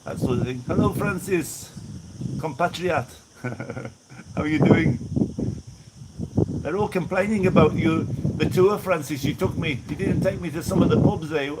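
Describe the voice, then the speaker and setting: A man's voice: a little high, unhurried, heavy background noise. A man from the Birmingham area with a mixed Birmingham accent, rambling casually on an outdoor live stream and greeting viewers by name. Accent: mixed Birmingham English with a little Maltese influence. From England (Birmingham area). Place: outdoors on a breezy day. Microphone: no clip-on mic, camera mic.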